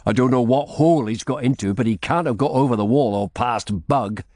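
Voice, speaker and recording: A man voicing an angry, blunt prior who talks coarsely and forcefully. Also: medium pitch, brisk, dry recording, studio quality, voice pushed up, natural voice.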